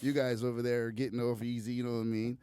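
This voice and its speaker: A man's voice: medium pitch, fast, smooth, no room sound. A man co-hosting a podcast in casual chat, telling crude, joking confessions. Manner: animated, crude, joking storyteller. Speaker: podcast co-host.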